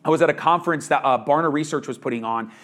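A man's voice: a little high, very fast, fairly bright tone. A man preaching a verse-by-verse sermon as pastor, in a casual, conversational manner.

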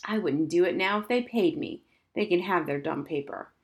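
A woman's voice: on the low side, moderate pace, lightly acted. A woman doing a stubborn young girl. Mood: scornful. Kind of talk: audiobook character voice.

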